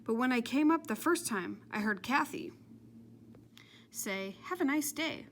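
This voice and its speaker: A woman's voice: fairly high pitch, expressive, unhurried, slight background noise, voice pushed up. A woman voicing a chatty, sing-song school lunch lady. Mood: calmly explaining.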